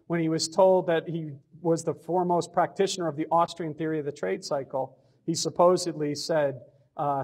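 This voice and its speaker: Emphatic man giving an economics lecture. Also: sits high. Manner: emphatic, repeats key phrases, asks and answers own questions. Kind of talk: public lecture. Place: lecture hall.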